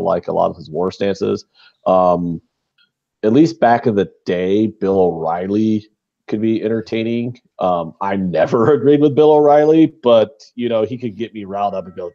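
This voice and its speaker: A man co-hosting a podcast rambles bluntly in casual chat, swearing often and restarting his sentences. His voice is low-pitched with a dark tone, and the audio sounds dull.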